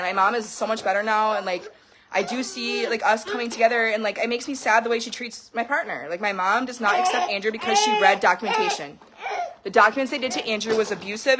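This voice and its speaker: A woman in her thirties vents to camera in a heated personal vlog, swearing freely and swinging between laughter and tears. She talks fast in a higher-pitched voice, with background noise audible.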